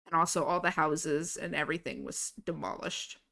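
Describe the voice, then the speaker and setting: Young woman streamer, chatty and excitable, quick to swear and laugh; bright, forward voice. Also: sits low, gravelly. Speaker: livestreamer. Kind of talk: casual chat.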